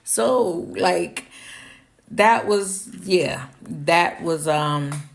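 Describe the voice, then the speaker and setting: A woman's voice: lowish voice, very slow, gravelly. A woman telling a candid storytime monologue, acting out the dialogue as she goes. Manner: candid, animated, acts out quoted dialogue. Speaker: storyteller vlogger.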